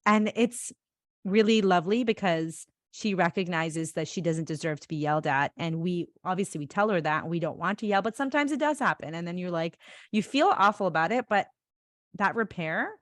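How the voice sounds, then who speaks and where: A woman's voice: on the low side, animated, moderate pace, no echo, studio quality. A woman hosting a podcast, chatting casually, with fillers and agreeing readily. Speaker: podcast host.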